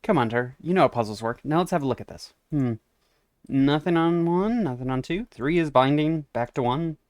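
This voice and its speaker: A man's voice: a little high, animated, brisk, no room sound, studio quality. Chatty man doing let's-play commentary. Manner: casual and chatty, with wry asides. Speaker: game streamer.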